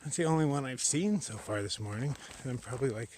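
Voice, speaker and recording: A man vlogging alone on a forest trail at night, chatting casually to a handheld camera as he walks, sometimes dropping to a hushed whisper. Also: mid-range voice, animated, fast, slight background noise. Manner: chatty, drifting between normal voice and hushed whispers. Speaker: solo long-distance hiker vlogging. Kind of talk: casual talk to camera while hiking.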